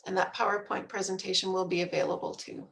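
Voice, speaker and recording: A woman explains a service in detail, pausing on fillers. Her voice has a gravelly fry. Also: medium pitch, little pitch movement, a bit bright, poor audio. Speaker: health care speaker. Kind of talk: answering questions.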